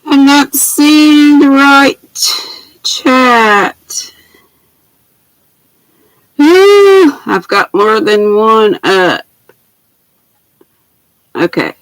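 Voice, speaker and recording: An older woman hosting a casual craft livestream, warmly greeting viewers by name with pet names and laughing often, speaking into a laptop mic at home. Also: high-pitched, lively intonation, extremely slow, long pauses, no echo, poor audio. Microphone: laptop built-in mic.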